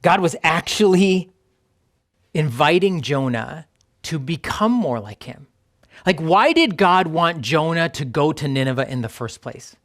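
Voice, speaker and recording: A male pastor delivers a sermon in a conversational, emphatic tone. His voice sits fairly high. On key points he drops to a near whisper. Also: lively intonation, measured pace, a bit bright.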